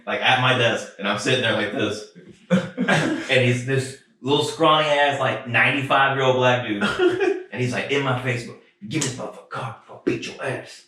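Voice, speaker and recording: A man telling a work story in casual, profane, animated chat on a podcast. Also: medium pitch. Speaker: podcast co-host. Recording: roomy echo, distant mic.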